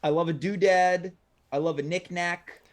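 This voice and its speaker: A man's voice: high voice, fairly even intonation, normal speed, a loud crowd. A man hosting a comedic talk show, playful and self-mocking. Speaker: host.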